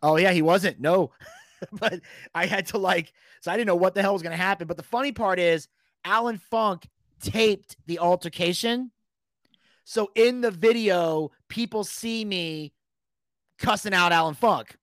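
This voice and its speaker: A man casually telling a story, animated, swearing freely and shouting out the lines he quotes. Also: sits high, measured pace, dry recording. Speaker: podcast guest telling a story.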